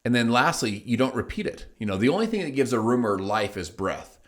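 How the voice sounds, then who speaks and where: A man's voice: mid-range voice, very animated, brisk. A middle-aged man hosting his own show, telling a motivational story in an emphatic way and acting out the people he quotes. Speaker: host. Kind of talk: motivational monologue.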